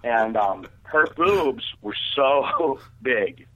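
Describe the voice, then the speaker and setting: Heard over phone-quality radio audio, a man guesting on a show drawls through a crude personal anecdote, stretching his words in a fairly bright, medium-pitched voice with lively intonation. The casual story wanders, peppered with "like" and false starts.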